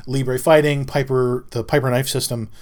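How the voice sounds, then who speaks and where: A middle-aged podcast host tells a story in a casual monologue, his mid-range, darkish voice level in tone at a moderate pace. He is wry and rambling, often doubling back on himself.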